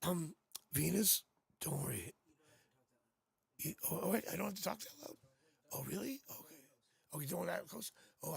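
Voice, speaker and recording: A man's voice: high voice, animated, normal speed, vocal fry, long pauses, slightly rough. A man hosting a live tarot reading, talking casually and rambling, joking as he goes, on a new studio microphone. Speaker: psychic tarot reader hosting a live stream.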